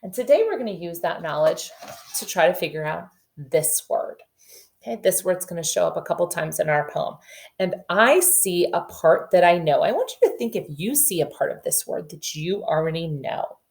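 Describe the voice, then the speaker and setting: A woman teacher giving a phonics lesson for young children, patiently sounding out letters and word parts slowly and clearly, coaxing her young learners with questions. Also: on the low side, lively intonation, a little mellow.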